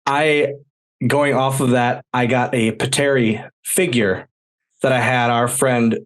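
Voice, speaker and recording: Male host, relaxed, agreeable, casual conversational delivery. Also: medium pitch, slow pace. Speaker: podcast host. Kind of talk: casual chat.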